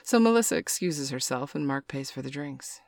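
A man narrates a scripted adult story in a soft, unhurried way. His voice sits at a medium pitch and sounds dry and close, with no room echo. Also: expressive, creaky.

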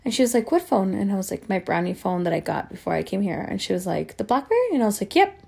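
A young woman who grew up speaking tells a long personal story in a casual, animated way, swearing and acting out what others said. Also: mid-range voice, quick pace, vocal fry. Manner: animated, swearing, acts out quoted voices.

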